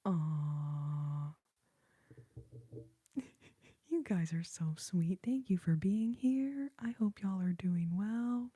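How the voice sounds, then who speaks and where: A woman hosts a whispered role-play ASMR stream, talking slowly in a breathy, mellow hush. The sound is dry and close to the mic, so every soft word carries. She drifts between gentle chat and quiet sung lullaby lines. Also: on the low side, expressive, no echo. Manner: soft whispering, chatting with viewers and giggling; sings snippets of lullabies in a hushed voice. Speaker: ASMR livestream host.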